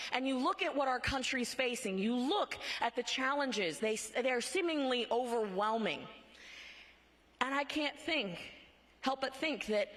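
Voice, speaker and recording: Woman, conference keynote, motivational; high-ish voice, emphatic and punchy, big hall reverb. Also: a bit bright. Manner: emphatic, punchy, frequent rhetorical "right?". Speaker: conference speaker. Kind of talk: motivational speech. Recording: long hall reverb from a large venue.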